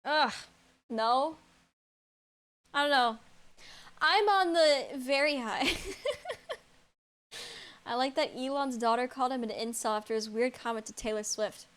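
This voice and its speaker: High-voiced young woman chatting on stream. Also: a little slow, pauses often, fairly bright tone, clean tone. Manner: rambling, blunt, swears freely, laughs often. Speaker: live streamer. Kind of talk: casual stream chat, answering chat.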